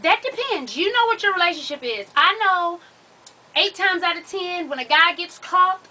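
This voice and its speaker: A woman's voice: extremely high pitch, lively intonation, moderate pace, bright, forceful tone, distant mic. A woman hosting an advice vlog, blunt, sassy and profane as she talks straight to the viewer. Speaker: advice show host.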